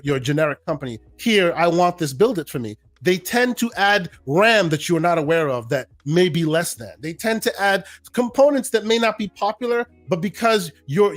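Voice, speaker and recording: High-voiced insistent man debating. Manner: insistent, repeats words when interrupted. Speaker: podcast co-host. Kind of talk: casual podcast debate.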